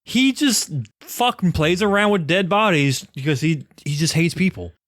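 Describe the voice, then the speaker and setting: A man's voice: high-pitched, animated, normal speed, a bit bright, no echo, clean studio sound. A man co-hosting a podcast, casually and profanely retelling scenes from a cult film. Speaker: podcast co-host. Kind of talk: casual movie review chat.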